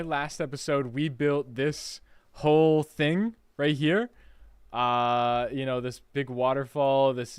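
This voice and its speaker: A man's voice: mid-range voice, smooth, no echo. A young man casually chatting on a live stream from his college dorm room, scattered and laughing as he reads out chat. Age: young adult. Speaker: livestreamer.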